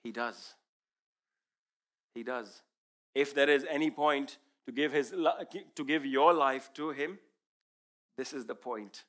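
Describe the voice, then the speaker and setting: A man's voice: mid-range voice, slow pace, pauses often, fairly bright tone. A man whose first language is Urdu, giving an earnest, emphatic sermon testimony as a preacher.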